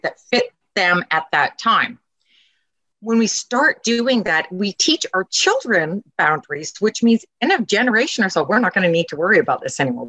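A woman's voice: lowish voice, pushed and bright, no echo. A middle-aged woman talking casually and emphatically as a parenting coach, acting out the lines she quotes. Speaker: podcast guest, parenting coach. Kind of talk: casual conversation.

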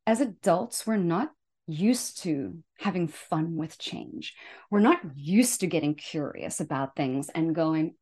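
A woman life coach hosting her own show, giving an enthusiastic motivational talk that swings between loud and soft. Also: deep voice, expressive, slow pace.

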